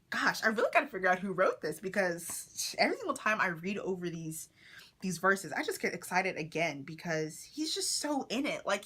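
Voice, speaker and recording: A woman's voice: mid-range voice, pushed and bright. A young woman leading a casual Bible study vlog, talking with enthusiasm and reading verses aloud, with plenty of "like" and "you know". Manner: reads scripture verses aloud.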